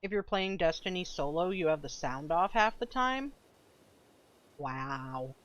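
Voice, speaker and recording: A woman's voice: on the low side, lively intonation, measured pace, a bit bright, dull audio. A woman streamer chatting casually with viewers while playing a game, laid-back and swearing freely, sometimes eating as she talks. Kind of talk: casual gaming stream chat.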